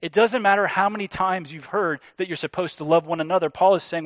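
Pastor, male, fairly high voice, emphatic sermon delivery, dry close recording. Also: a bit bright, dry recording. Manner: earnest, emphatic preaching with slowed stresses.

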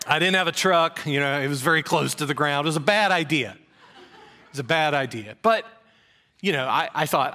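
A middle-aged man from preaches in a bright, forward voice pitched a little high. He tells folksy, self-deprecating stories from his own life. The delivery stays relaxed and conversational. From rural Georgia, US. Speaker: pastor. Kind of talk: sermon with personal stories.

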